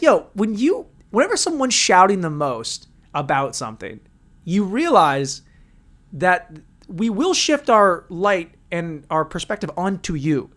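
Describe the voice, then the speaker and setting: Brief: male solo podcast host, crude rant with a lively, swooping delivery. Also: high voice. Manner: crude, animated, ranting.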